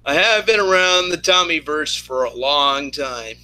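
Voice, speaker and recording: Streamer type: man with a high, piercing voice, chatty and rambling. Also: animated, a little slow, sharp tone, poor audio. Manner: rambling, lots of fillers and restarts. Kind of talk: casual chat.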